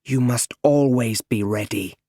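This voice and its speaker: A man voicing a stern, commanding male mentor in a firm, measured way for an audiobook. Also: medium pitch, warm tone, dry recording, clean studio sound, natural voice. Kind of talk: audiobook character reading.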